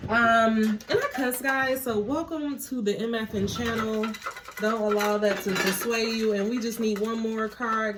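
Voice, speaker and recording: A woman's voice: a little high, fairly even intonation, measured pace, background noise. A woman giving a casual spiritual tarot reading on her phone, chatty and prayerful, with frequent laughing asides. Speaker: tarot reader.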